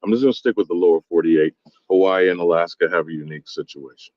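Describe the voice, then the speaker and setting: Low-voiced man on dull lo-fi audio. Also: quick pace, darkish tone, no room sound. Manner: questioning, probing. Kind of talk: casual discussion.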